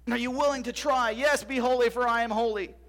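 A man's voice: very high-pitched, fairly even intonation, quick pace, fairly bright tone. A middle-aged man preaching a sermon, asking rhetorical questions with emphasis and sometimes dropping to a whisper. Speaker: pastor.

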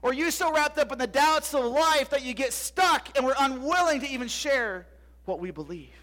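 A man's voice: extremely high pitch, lively intonation, moderate pace, fairly bright tone. A middle-aged man preaching a sermon, asking rhetorical questions with emphasis and sometimes dropping to a whisper. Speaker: pastor.

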